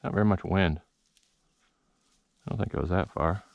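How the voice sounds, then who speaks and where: Low-voiced man narrating his hunt outdoors. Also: normal speed, creaky, lo-fi sound. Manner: calls and commands dogs in short repeated bursts. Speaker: hunter filming his hunt. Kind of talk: casual commentary while hunting outdoors. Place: open fields outdoors.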